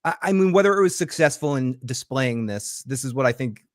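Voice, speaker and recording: A man's voice: mid-range voice, lively intonation, a little fast, dry recording, studio quality. A man co-hosting a live stream in casual chat, rambling and swearing freely, with lots of fillers. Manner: rambling, profane, many fillers.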